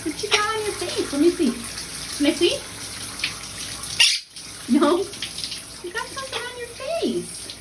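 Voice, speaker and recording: Talking parrot, squawky birdlike mimicry, repeats short phrases and beeps, slow, loud shower water behind. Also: extremely high pitch, sing-song, very noisy. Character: talking pet parrot mimicking human speech. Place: bathroom during a shower. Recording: loud running water, from far off. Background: running shower water.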